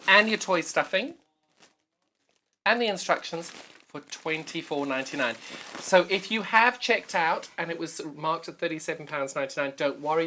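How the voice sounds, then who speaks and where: A man's voice: on the high side, sharp tone. A man with a South African accent presenting a live TV sewing sales show, with jokey, teasing banter. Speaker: shopping channel presenter. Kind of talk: live TV selling chat.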